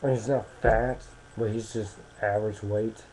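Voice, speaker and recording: A man's voice: fairly low pitch, fairly even intonation, moderate pace, warm tone, slight background noise, low-quality recording. A man in his twenties from Maryland, chatting casually to a webcam indoors in a rambling, self-correcting, joking way. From Maryland, United States.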